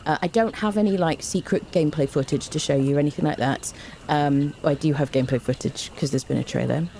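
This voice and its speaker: Low-voiced, bubbly woman streamer. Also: fairly quick, vocal fry, mellow, a little hiss or hum. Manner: bubbly, overexcited, rambling. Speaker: live streamer. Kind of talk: casual live stream chat. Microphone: desk microphone.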